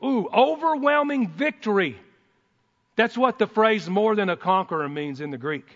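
A preacher with a high voice, giving a folksy, excitable sermon full of whoops and asides. His voice carries a long reverb from a church hall. The sound is dull and muffled. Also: moderate pace.

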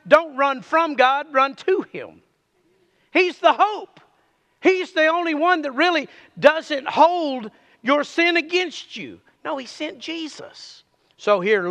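A man preaches with a high, crisp, resonant voice, pulling his congregation into call-and-response. His sermon rings out with long reverb in a church sanctuary. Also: bright, forceful tone. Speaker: pastor.

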